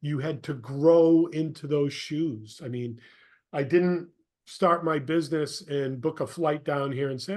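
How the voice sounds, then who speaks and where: A man's voice: a little high, measured pace. A man hosting a podcast interview, emphatic, stressing points by repeating phrases. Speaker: podcast host. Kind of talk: casual interview talk.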